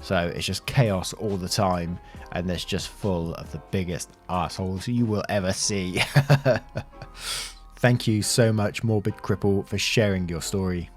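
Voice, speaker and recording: A man narrating online stories aloud, with casual asides of his own between them. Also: low-pitched. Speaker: story narrator. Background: faint background music.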